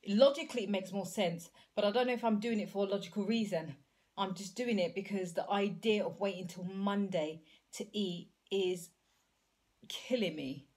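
A woman's voice: mid-range voice, normal speed, a little mellow. Hesitant woman video-diarying. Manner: thinking aloud, hesitant and rambling. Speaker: vlogger and health coach.

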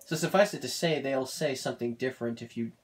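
A man's voice: medium pitch, fast talker, a little hiss or hum. A man giving casual, amused commentary over a game he is playing, loose and full of fillers. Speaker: gameplay commentator.

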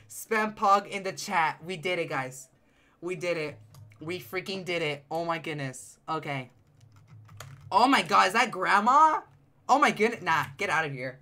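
A man streaming a game live, reacting with loud, excitable outbursts and teasing his chat. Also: high voice. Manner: addresses chat directly, playful teasing. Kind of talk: live gameplay commentary.

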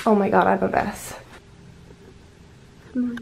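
A young adult woman chatting casually in a vlog, expressive and full of "like" fillers. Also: medium pitch, unhurried, gravelly, pauses often, echoey room, background noise. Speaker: vlogger.

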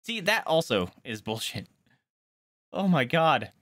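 Excitable male streamer, lively swooping delivery, swears often while playing. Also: fairly high pitch, takes it slowly, dry recording. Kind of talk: gameplay commentary.

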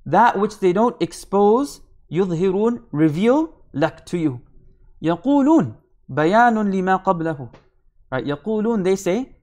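A man teaching a line-by-line Quran commentary, reading Arabic passages quickly and then explaining them slowly in English, often asking "right?" as he goes. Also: high-pitched. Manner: repeats phrases, asks "right?". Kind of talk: line-by-line scripture lesson.

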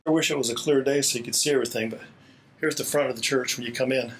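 A man's voice: medium pitch, fairly even intonation, racing, slight background noise. A pastor recording a casual walking tour of his small church on a laptop, chatty and slightly out of breath, laughing often. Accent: Hawaii. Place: small church building indoors. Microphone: laptop held while walking.

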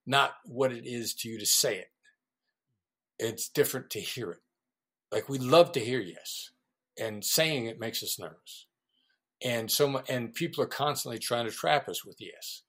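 A man, a guest negotiation expert, explaining ideas in an animated interview and acting out quoted voices. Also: medium pitch, normal speed, slightly rough.

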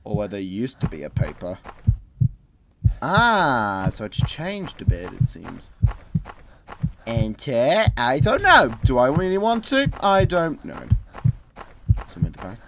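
A man's voice: medium pitch, wildly swooping pitch, slow pace, long pauses, noisy background. A man commenting on a horror game as he plays, grumbling sarcastically and breaking into sudden screams. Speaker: gameplay commentator.

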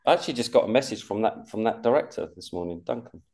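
A man's voice: lowish voice, lively intonation, darkish tone. A man co-hosting a podcast in casual chat, often restarting his sentences. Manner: halting, restarts sentences, conversational. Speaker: podcast co-host.

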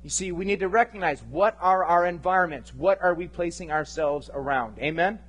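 Impassioned preacher with a slightly high voice. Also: male voice, normal speed, breathy edge, rough recording. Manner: impassioned, swinging between loud and hushed. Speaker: pastor. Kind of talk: sermon. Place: church service.

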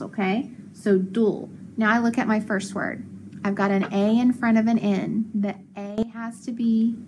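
A woman teaching a phonics lesson to young children, patient and encouraging, sounding out letters slowly. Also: medium pitch, noisy background.

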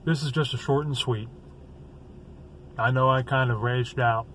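A man ranting in a vlog from his vehicle into a phone, swearing a lot and breaking into shouts. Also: medium pitch, fairly even intonation, a little slow, a little hiss or hum. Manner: angry, profane, swings into shouting. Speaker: vlogger.

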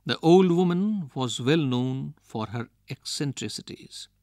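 A man's voice: a little high, expressive, measured pace, a little mellow, no room sound, clean studio sound. A man with an Indian English accent reading a textbook story and its questions aloud for a lesson. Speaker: lesson narrator.

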